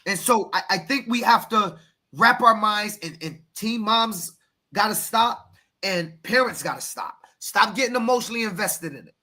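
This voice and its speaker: Male youth coach, American, podcast host: bright edgy tone, preachy, stumbles and repeats. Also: high voice, animated, moderate pace. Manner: emphatic, preachy, repeats words and addresses co-host by name. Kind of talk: passionate podcast talk.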